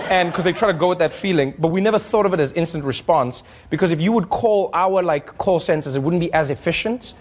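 Playful comedian, high voice. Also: male voice, slight background noise. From South Africa. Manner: animated, playful, acts out voices. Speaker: stand-up comedian. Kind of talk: stand-up crowd work. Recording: live club mic with loud audience.

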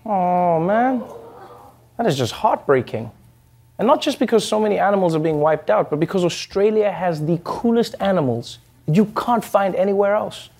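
High-voiced man joking through the news. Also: animated, a little mellow. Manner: joking, punchy delivery with quick asides. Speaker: host. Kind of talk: satirical news monologue.

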